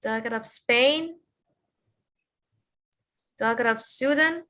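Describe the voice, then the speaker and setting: A woman's voice: a little high, slow pace, bright, forceful tone. A woman chairing an online committee, calling the roll over a video call in a hesitant way with many fillers.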